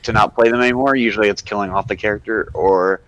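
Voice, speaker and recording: Casting: young male podcast co-host, rapid delivery, low voice, rambling summaries. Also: steady tone, fairly bright tone, muffled recording. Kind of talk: casual movie chat.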